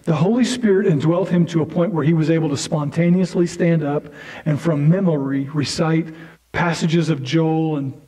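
A man's voice: on the high side, steady tone, moderate pace, dark tone, poor audio. A male pastor preaching a sermon in a conversational way, with asides and restarts.

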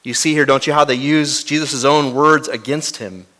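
A man preaching a sermon as pastor, dramatic, dropping from loud to hushed and asking the congregation rhetorical questions. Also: medium pitch, steady tone, moderate pace.

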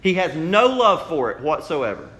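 A man preaching a sermon to a congregation, animated and playful, acting out questions in raised voices. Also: a little high, normal speed. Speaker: pastor. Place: church sanctuary.

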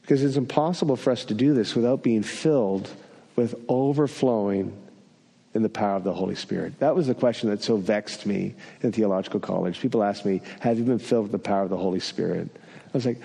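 A man's voice: on the low side, a little fast, creaky, warm tone, slightly rough, big-room sound. A man preaching a sermon, telling a personal story with self-deprecating humor.

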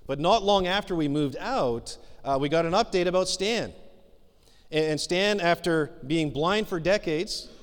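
A pastor preaching a sermon in an earnest, conversational way, pausing often with fillers. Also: male voice, fairly high pitch. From Canada. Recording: long reverb of a hall.

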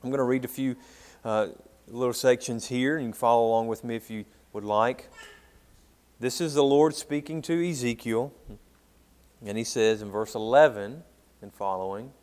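A man preaching a sermon and reading scripture aloud, growing loud on key words and falling quiet at the ends of phrases, with questions to the congregation. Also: medium pitch, moderate pace. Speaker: pastor.

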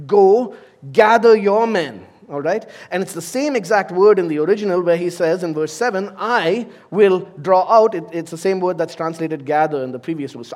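A middle-aged man, a senior pastor, preaching a sermon that swings from soft, low passages to loud, emphatic exhortation.

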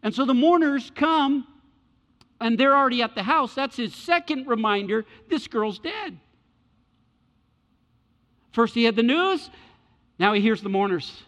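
A man with a high voice preaches in an animated, colloquial way and keeps repeating his points. His voice rings with a long reverb through a large church hall, and the recording sounds dull and lo-fi. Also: unhurried, pauses often. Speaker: pastor. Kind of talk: sermon.

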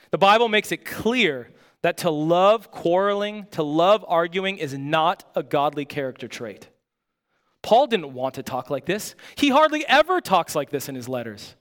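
A man preaches a sermon with earnest, forceful emphasis and a voice pitched a little above the usual male range. He keeps putting pointed rhetorical questions to his listeners. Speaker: pastor.

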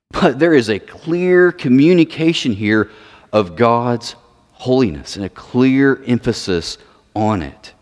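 A man delivers a sermon in a fairly low voice. He stresses key words by repeating them. The sound carries the long reverb of a large hall. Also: darkish tone. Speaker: preacher.

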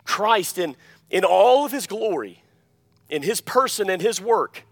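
A pastor preaching a sermon, emphatic, often asking the congregation "Amen?" and dropping to quiet asides between louder points. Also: male voice, lively intonation, a little slow, creaky. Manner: emphatic, repeats key phrases, calls "Amen?" to the congregation; swings between loud emphasis and quiet, low-voiced asides.

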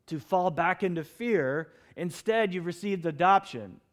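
Middle-aged guy preaching a sermon, slightly high voice, gets animated telling stories. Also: a little slow. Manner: animated storytelling, acts out his own shouts. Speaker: pastor.

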